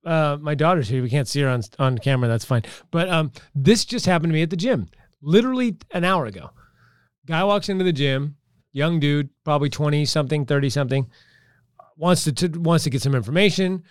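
A man's voice: fairly high pitch, a little fast, smooth, no room sound, clean studio sound. A middle-aged man, a gym owner, telling a story in casual chat and acting out the dialogue. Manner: animated storyteller, acts out dialogue.

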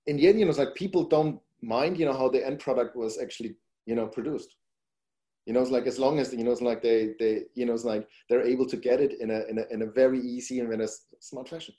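This podcast guest, a man who founded a company, speaks quickly in a mellow, mid-range voice with a steady tone. His casual answers run long and wander, packed with "you know, it's like," and he turns forceful whenever he makes a point.

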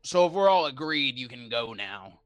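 A man's voice: medium pitch, very animated, normal speed, no room sound, faint music behind. A man running a tabletop game as game master, narrating casually with jokes and asides.

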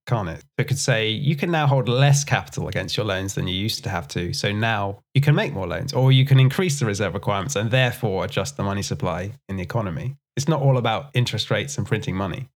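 A man with a lively, swooping intonation chats about banking on a podcast. He tosses out leading questions and drops wry one-liners, keeping the talk light. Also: on the low side. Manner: wry, asks leading questions, dry jokes. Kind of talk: conversational finance chat.

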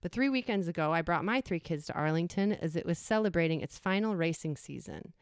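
Woman in her 40s, low smooth voice, reflective reading, dry close sound. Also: animated, no room sound. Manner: reflective, measured reading with brief acted quotes. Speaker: storyteller. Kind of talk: personal essay read aloud.

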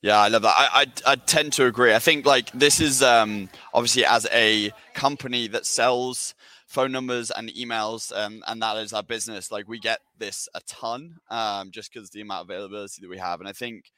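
A man hosting a casual panel discussion, energetic and chatty, with many fillers and restarts. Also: on the low side, moderate pace, dry recording. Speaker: webinar host.

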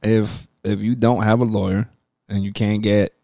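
A man's voice: lowish voice, flat delivery, moderate pace, gravelly, dark tone, dry recording. A man co-hosting a casual podcast, laid-back, giving short, dry comebacks. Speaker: podcast co-host.

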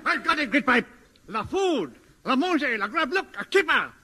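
An actor playing a scruffy, scheming French count with a husky, wheedling, giggly voice and a mock French accent, in a 1950s radio comedy. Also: male voice, extremely high pitch, very animated, normal speed, bright, forceful tone, full character voice. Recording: hissy old radio recording.

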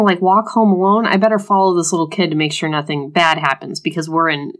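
A woman's voice: fairly low pitch, level tone, quick pace. A woman co-hosting a podcast, casually retelling a book's plot in a jokey way. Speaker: podcast co-host. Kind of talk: casual book discussion.

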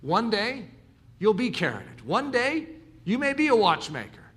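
A man preaching a sermon in an animated way, acting out the voices of his listeners. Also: high-pitched, moderate pace. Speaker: pastor.

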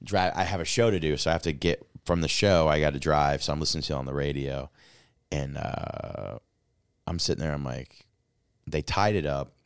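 Deep-voiced man telling a sports story. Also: moderate pace, smooth, dry recording, studio quality. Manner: excited rambling storytelling, heavy swearing; gets loud and yells when excited. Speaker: podcast co-host. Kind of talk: casual chat.

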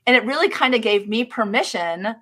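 Middle-aged woman guest, bright, sharp voice, lively storytelling, trips over her words a lot. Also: a little high, a little fast. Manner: expressive, animated storyteller with many restarts. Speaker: guest, author. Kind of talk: storytelling in a live-streamed interview.

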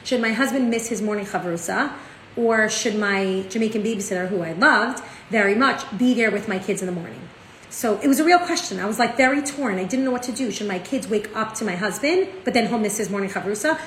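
A woman's voice: medium pitch, brisk. Chatty New woman teaching in an echoey room. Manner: chatty, animated storytelling with many "like" and "right?". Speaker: Torah class teacher. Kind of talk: casual spoken lesson. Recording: echoey room with faint ambient noise.

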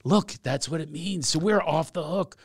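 Man podcast co-host, slightly high voice, dry close sound, playful and teasing. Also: normal speed, slightly rough, no echo. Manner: teasing, laughs often, reads definitions aloud. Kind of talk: casual comedic chat.

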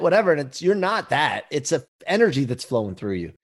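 Casual male interview host, chatty, tags lines with "right?", a touch high. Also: sing-song, fast talker, few pauses. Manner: conversational, often asks "right?". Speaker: podcast host.

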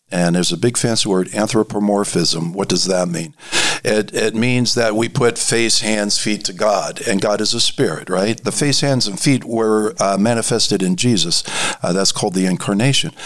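A man preaching an informal sermon, halting, with many fillers and restarts, and dropping to a hushed voice for emphasis. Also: lowish voice.

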